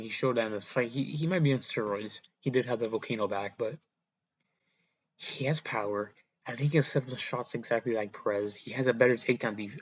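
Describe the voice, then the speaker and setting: A man's voice: mid-range voice, muffled recording. A young man casually rambling through fight predictions, often correcting himself and swearing offhand. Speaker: MMA predictions YouTuber. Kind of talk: casual fight breakdown monologue.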